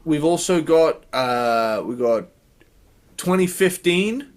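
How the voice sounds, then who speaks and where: A man's voice: fairly high pitch, expressive, slow pace. A man co-hosting a podcast in easygoing casual chat, laughing along and stumbling over words now and then. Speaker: podcast co-host.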